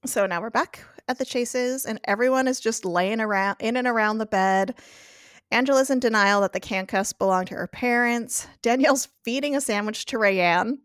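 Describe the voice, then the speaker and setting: A woman's voice: fairly high pitch, moderate pace, dry recording, clean studio sound. A woman recapping a TV episode in casual podcast chat, acting out the characters' lines with frequent laughter. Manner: animated, acts out quotes, laughs often.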